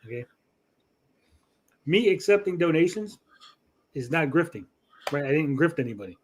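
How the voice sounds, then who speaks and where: Blunt, husky-voiced male streamer. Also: on the high side, expressive, normal speed. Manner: blunt, profane, argumentative, asks "right?" often. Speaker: show host. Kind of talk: casual livestream commentary.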